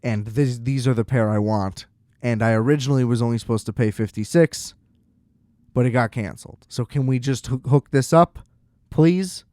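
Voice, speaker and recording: A man hosts a solo podcast and rants in an exasperated, profane way. He acts out sarcastic exchanges as he talks. His voice sits at a middle pitch, and the recording is dry and close, with no room sound. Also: normal speed, warm tone, no room sound. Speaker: podcast host. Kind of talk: solo ranting monologue.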